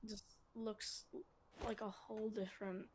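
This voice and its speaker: A woman's voice: mid-range voice, level tone, a little slow, noisy background. A woman with an Australian accent in a casual voice chat, hesitating and filling her sentences with "like". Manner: hesitant, full of "like" fillers. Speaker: stream chat guest.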